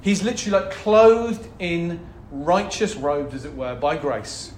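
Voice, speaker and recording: A man's voice: fairly high pitch, unhurried, a little mellow, a little hiss or hum. A man preaching a sermon as pastor, talking in a passionate, conversational way with frequent asides to the congregation. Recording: roomy echo.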